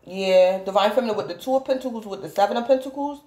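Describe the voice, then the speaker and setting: A woman's voice: medium pitch, quick pace, mellow, reverberant. A woman giving a casual tarot reading, rambling and repeatedly calling out to her viewers by the same phrase. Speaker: tarot reader.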